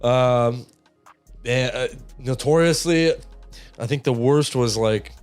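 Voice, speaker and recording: A man's voice: medium pitch, slow pace, clear, resonant tone, faint music behind. Young man telling a rant story. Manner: animated, laughs while telling stories. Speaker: podcast co-host. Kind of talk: casual storytelling.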